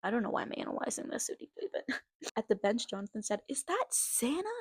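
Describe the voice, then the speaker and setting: A woman's voice: mid-range voice, flat delivery, quick pace, breathy edge, dry recording. A young woman vlogger reading an old story aloud with amused, self-mocking commentary.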